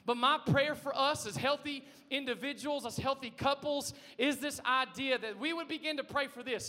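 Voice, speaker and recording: A man preaching an energetic sermon as pastor, talking with the congregation, asking them questions and now and then breaking into shouts. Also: extremely high pitch, moderate pace, few pauses. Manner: conversational, asks the congregation questions, bursts into shouts. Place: church sanctuary. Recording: long reverb of a large hall.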